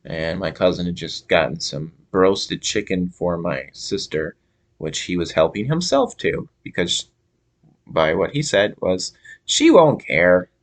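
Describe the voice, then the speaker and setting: Young guy from minnesota, super low voice, lots of ums and restarts, just rambling a story. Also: animated. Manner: halting, many fillers and restarts. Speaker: vlogger. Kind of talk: casual storytelling monologue.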